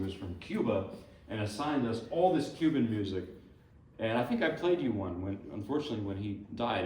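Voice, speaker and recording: A man's voice: fairly low pitch, darkish tone, far from the mic, a little hiss or hum. A man introducing pieces at a lecture recital, chatting casually with the audience and wandering into amused asides. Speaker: performer giving a lecture recital. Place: hall with live audience. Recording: echoey hall, speaker off-mic.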